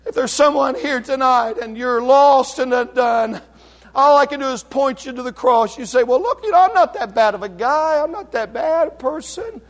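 A man preaching an impassioned revival sermon in church, shouting some lines and dropping to a hush on others, calling the congregation to answer back. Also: extremely high pitch, moderate pace. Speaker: pastor. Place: church sanctuary.

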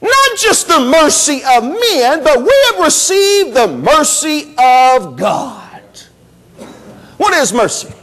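A man's voice: extremely high pitch, sharp tone, poor audio. A man preaching a sermon in a church service, emphatic and repetitive, building to exclamations.

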